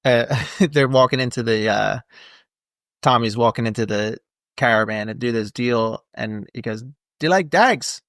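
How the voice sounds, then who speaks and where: A man's voice: medium pitch, level tone, normal speed, a bit bright, no echo, studio quality. A man co-hosting a podcast, chatting casually and animatedly about a film and laughing as he retells scenes. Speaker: podcast co-host. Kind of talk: casual movie review chat.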